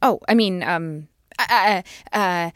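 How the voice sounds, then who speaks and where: A woman's voice: fairly low pitch, slow pace, a bit bright, smooth, no room sound, studio quality. A woman improvising a comedy scene, talking in a chatty, flustered way as she switches between characters. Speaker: comedy podcast co-host.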